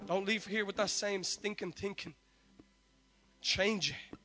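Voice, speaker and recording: A man's voice: sits high, steady tone, normal speed, sharp tone. A man preaching a sermon, telling a testimony with fervent, repeated declarations.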